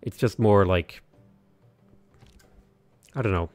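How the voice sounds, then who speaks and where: Man, Irish accent, low voice, casual game-stream chatter, rambling, dry close sound. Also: takes it slowly, no room sound, faint music behind. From Ireland. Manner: rambling, many "like" fillers and restarts. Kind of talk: casual livestream commentary.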